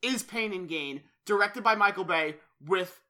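A young man co-hosting a casual podcast, animated and teasing, getting loud when excited. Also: sits high, measured pace. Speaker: podcast co-host.

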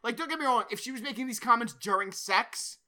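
A man's voice: very high voice, quick pace, sharp tone. A man hosting a podcast in casual chat, rambling, swearing and often laughing. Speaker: podcast host.

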